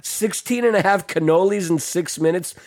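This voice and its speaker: A man in his late thirties with a New York accent, co-hosting a sports podcast with excitable, rambling, stammering banter. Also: high voice, normal speed. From Queens, New York. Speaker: podcast co-host.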